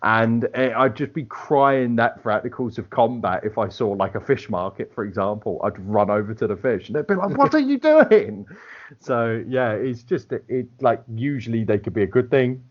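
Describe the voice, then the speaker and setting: A man at a middle pitch chatting casually as a podcast host. He talks in an animated, laughing way and restarts his sentences often. The recording sounds slightly dull and lo-fi. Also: moderate pace, hardly any pauses. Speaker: podcast host and game master. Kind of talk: casual chat.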